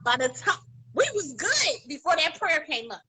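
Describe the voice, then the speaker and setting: A woman's voice: sits high, very animated, moderate pace, noisy background. A woman co-hosting a casual podcast, telling a candid personal story with emphatic slang. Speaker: podcast co-host.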